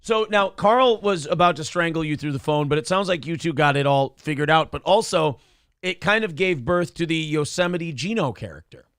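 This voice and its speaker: A man in his late thirties hosting a morning talk show, rambling with halting restarts. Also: fairly high pitch, fairly bright tone, smooth, no room sound, clean studio sound. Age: 30s. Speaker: show host. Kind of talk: casual chat.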